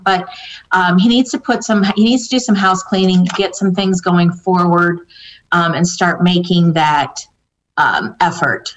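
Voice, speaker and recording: A woman giving a psychic reading in a casual, hesitant way, full of fillers and restarts as she relays what the spirits tell her. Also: medium pitch. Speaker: psychic medium answering viewer questions. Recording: dull lo-fi recording.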